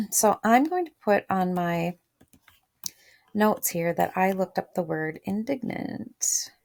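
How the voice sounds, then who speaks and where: Lady teacher reading a story out loud and explaining words, chatty, a bit of gravel in her voice. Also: medium pitch, animated, slow pace. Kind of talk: read-aloud lesson with commentary.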